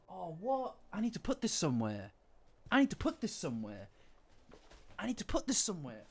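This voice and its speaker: A man chatting casually on a live stream, excitable and quick to swear, with loud gasps and exclamations. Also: sits high, vocal fry, slightly rough. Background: faint background music.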